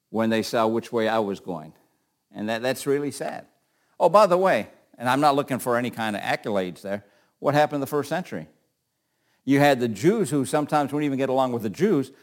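A middle-aged man teaching an informal Bible class, talking in a loose, joking way and often repeating words. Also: mid-range voice.

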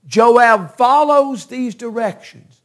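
A man's voice: very high voice, takes it slowly, fairly bright tone. A man preaching a sermon, retelling a Bible story with emphatic storytelling that stresses key words.

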